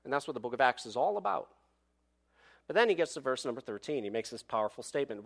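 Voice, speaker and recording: A man preaching a sermon with dramatic pauses and rhetorical questions, reading scripture and telling a story to his congregation. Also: medium pitch, very animated, gravelly. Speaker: pastor.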